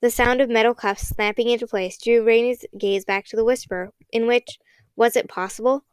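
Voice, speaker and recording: Smooth-voiced woman narrating an audiobook. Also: fairly high pitch, fairly quick, dry recording. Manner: expressive, dramatic reading.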